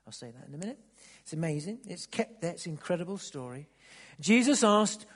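A man preaching a sermon, dropping to near-whispers, then rising to loud emphatic bursts, often repeating words as he restarts. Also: sits high, sing-song, a little fast, breathy edge. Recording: long reverb of a large hall.

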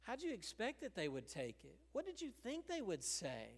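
A man with a notably high voice preaches from the pulpit and carries his words along with chuckles. He breaks into little acted-out quotes now and then. His voice rings through a church sanctuary with a long reverb tail. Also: huge pitch swings, moderate pace, gravelly. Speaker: pastor. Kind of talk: sermon.

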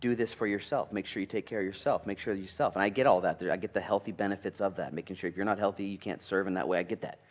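Male pastor, lowish voice, chatty sermon with jokes and loud bursts. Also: fast talker, few pauses. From United States. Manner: animated and conversational, with jokes, asides and sudden loud bursts.

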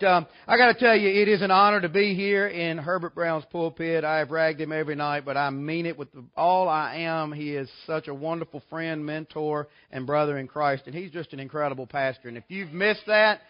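A man's voice: on the high side, steady tone, normal speed, dull audio. Folksy preacher in his forties. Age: 40s. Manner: folksy, joking storyteller. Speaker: guest preacher. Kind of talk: revival sermon. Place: church sanctuary.

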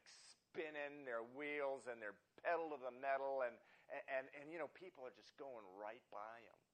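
A man delivers a sermon in an everyday speaking pitch. He tells stories in a rambling, self-deprecating way, often restarting his sentences and adding asides. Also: fairly bright tone. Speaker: pastor.

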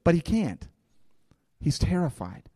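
A man's voice: fairly high pitch, sing-song, unhurried, warm tone, dry recording, studio quality, long reverb tail. A pastor preaching an impassioned sermon, often asking his listeners questions.

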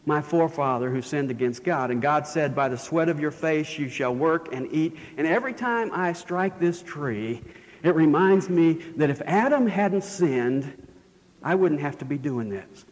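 A man doing a grumbling lumberjack who blames his lot on others. His voice is fairly high for a man and quick, and a long reverb trails his words in a large hall. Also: expressive, lightly acted. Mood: complaining. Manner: complaining.

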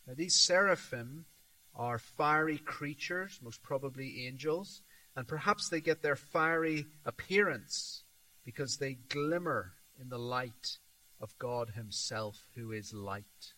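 A man preaching a sermon, slow and emphatic, swelling on repeated words and dropping soft at the ends of his points. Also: medium pitch, low-quality recording.

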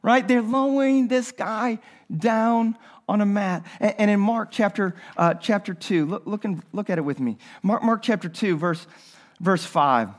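High-voiced man preaching a sermon. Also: unhurried. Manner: preaching, repeats phrases, asks the listeners rhetorical questions. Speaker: pastor.

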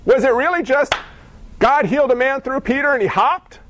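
A man preaching a sermon in a lively, animated way, acting out the people in the story he tells. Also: very high voice, normal speed, poor audio. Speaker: pastor.

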